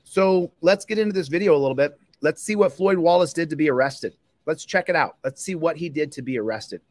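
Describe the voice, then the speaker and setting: A slightly high, slightly fast male voice with a darkish tone carries this livestream rant, recorded dry. The host, a police auditor, is worked up and confrontational, hammering a police department with the same angry points.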